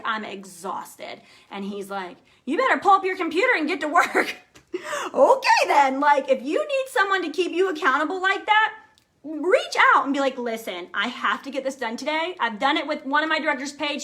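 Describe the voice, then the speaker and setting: A woman's voice: on the high side, pushed and bright. A young adult woman giving an emphatic, upbeat motivational live talk to her sales team, often checking in with "okay?" and "right?".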